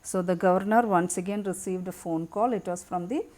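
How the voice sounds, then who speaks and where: A woman's voice: fairly low pitch, fairly quick, a little mellow. A woman, teaching a lesson by reading a text aloud and explaining it line by line. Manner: reads a passage aloud, then explains it in simple words. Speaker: English teacher.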